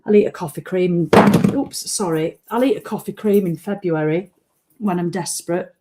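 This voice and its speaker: A woman's voice: on the low side, normal speed, heavy background noise. A tired woman, ranting bluntly and swearing freely as she hosts a casual live-stream chat. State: tired after a run. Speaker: vlog host.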